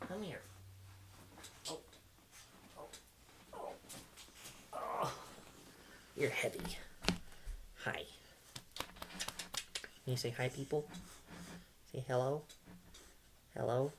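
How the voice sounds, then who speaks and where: A man's voice: medium pitch, slow pace, pauses often, fairly bright tone, slight background noise. A man casually chatting on a home livestream, playful and self-teasing, cooing at his dog. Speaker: livestream host.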